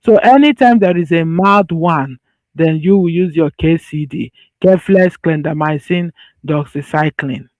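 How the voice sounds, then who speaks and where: A man's voice: a little high, a little slow, darkish tone, dry recording. A man teaching medicine over slides. He talks in a loose, conversational way and repeats his points so they stick. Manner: conversational, loose phrasing with restarts. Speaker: medical lecturer.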